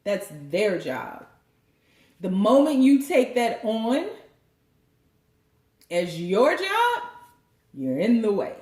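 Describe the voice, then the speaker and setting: Woman tarot reader, lively, preachy and joking, in a roomy echo. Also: a little high, takes it slowly, long pauses. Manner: animated, preachy, joking, profane. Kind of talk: tarot card reading.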